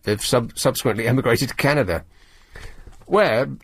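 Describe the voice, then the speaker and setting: A man's voice: mid-range voice, normal speed, fairly bright tone, breathy edge, no echo. A male radio host in a studio, reading a newspaper story aloud with sarcastic, wry asides. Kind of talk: late-night radio talk, reading the paper aloud. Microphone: studio microphone.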